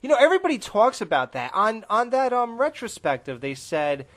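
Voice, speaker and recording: A man's voice: high-pitched, very animated, fairly quick, fairly bright tone. A man co-hosting a podcast in casual chat, rambling and joking with frequent restarts. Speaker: podcast co-host.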